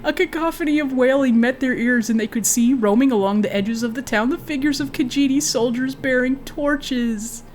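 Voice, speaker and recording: A woman's voice: high voice, moderate pace, few pauses, darkish tone, slight background noise. A woman streaming a game, reading a book aloud and breaking off for chatty, giggly asides.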